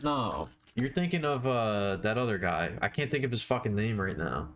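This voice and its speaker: A man talks to his live-stream audience while he works on a drawing. His voice sits a little low. He rambles from thought to thought, pokes fun at himself and swears in a relaxed, offhand way. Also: normal speed. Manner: rambling, self-deprecating, swears casually.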